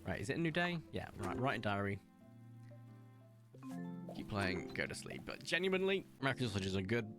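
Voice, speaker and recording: A man's voice: fairly low pitch, sing-song, brisk, music in the background. A young English man streaming a game, chatting casually and enthusiastically, rambling with frequent laughs. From England.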